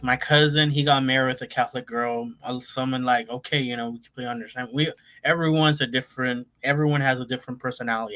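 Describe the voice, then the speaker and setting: A man's voice: mid-range voice, bright, forceful tone. A young man, telling family stories in a rambling casual monologue full of fillers and restarts. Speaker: vlogger.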